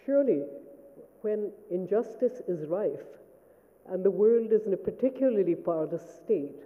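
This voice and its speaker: A woman giving a formal memorial lecture as a writer, speaking in a measured, reflective way and checking in with her listeners. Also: lowish voice. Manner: measured, reflective, asks "Do you see?". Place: lecture hall. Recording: phone-like sound in a reverberant hall.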